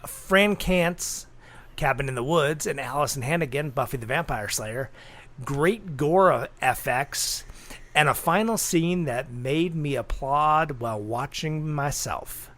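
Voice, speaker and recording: A man's voice: on the high side, animated, slow, a bit bright. A man co-hosting a movie podcast, chiming in with short agreements and reading a review aloud. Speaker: podcast co-host.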